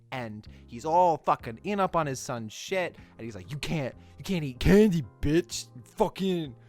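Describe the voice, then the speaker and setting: Animated, profane film-rant commentator. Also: mid-range voice. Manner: profane, animated and self-mocking. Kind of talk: comedic film-analysis rant.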